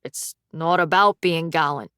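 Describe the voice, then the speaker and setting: A man's voice: fairly high pitch, unhurried, sharp tone, clear, resonant tone, no room sound, studio quality. A woman voicing a defensive young alchemist man. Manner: defensive, wistful. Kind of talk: audiobook dialogue.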